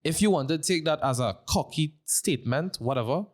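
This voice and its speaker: A man's voice: on the high side, expressive, brisk. A man in his twenties with a Trinidadian accent, a streamer talking in a brash, slangy, emphatic way as a podcast guest. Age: 20s. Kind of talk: casual podcast conversation.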